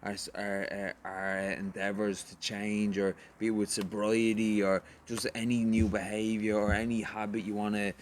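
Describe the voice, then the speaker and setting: A man's voice: on the low side, little pitch movement, moderate pace, few pauses, slight background noise. A man hosting a podcast, chatting in an encouraging, conversational way with everyday examples. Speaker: podcast host. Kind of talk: casual chat.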